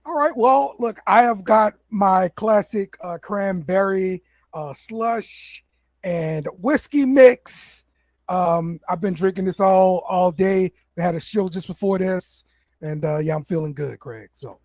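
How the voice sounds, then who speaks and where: A man's voice: high voice, slow pace, a little mellow, no room sound. A man hosting a casual sports podcast in an easygoing way, stumbling and repeating words and calling people bro. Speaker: host.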